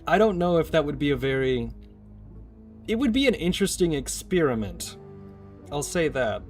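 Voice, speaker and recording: A man's voice: fairly high pitch, sing-song, normal speed, darkish tone, soft background music. A man streaming a game, chatting casually in a rambling, jokey way with plenty of swearing. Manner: rambling, profane, jokey asides. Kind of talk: casual chat while gaming.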